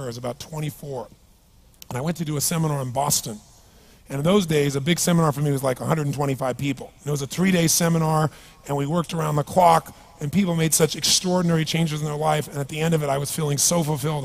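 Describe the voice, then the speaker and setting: A middle-aged man giving a seminar tells a personal story to a live audience, animated and conversational, and puts questions to them. His voice is on the high side with some vocal fry, and he talks quickly.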